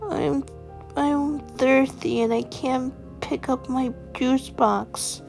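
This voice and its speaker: A woman's voice: high-pitched, steady tone, slow pace, vocal fry, darkish tone, faint music behind, pitched above the performer's own voice, exaggerated voice. A woman playing Charlie, a tearful little girl. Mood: sleepy and sad. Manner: wailing, tearful cries. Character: little girl with broken arm, tearful and whiny.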